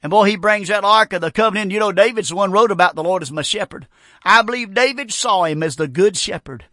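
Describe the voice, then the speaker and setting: Fiery preacher man, high and bright. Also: quick pace, no room sound, studio quality. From North Carolina. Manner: fervent, folksy, bursts into shouts. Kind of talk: fiery revival sermon. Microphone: broadcast on radio.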